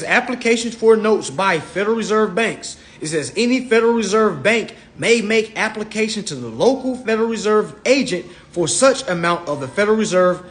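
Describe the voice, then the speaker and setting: A man with a notably high-pitched voice lectures on a phone live stream. He is blunt and confrontational, and he slows right down to hammer in the passages he reads aloud. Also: a bit bright. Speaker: livestream speaker. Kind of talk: livestream lecture, reading law text aloud.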